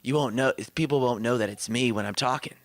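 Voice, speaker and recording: A man's voice: medium pitch, fast talker, dry recording, lightly acted. A man voicing a laid-back, boastful surfer-dude persona in a casual retelling.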